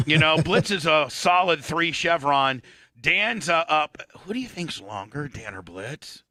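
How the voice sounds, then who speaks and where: A man's voice: on the high side, expressive, unhurried, background noise. A man hosting an uncensored radio after-show, joking crudely and rambling with many restarts.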